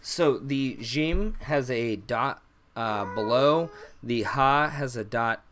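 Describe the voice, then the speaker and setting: A young man teaching an alphabet lesson on a live stream, relaxed and rambling, with many fillers and self-corrections. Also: medium pitch, takes it slowly, slight background noise. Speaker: language teacher.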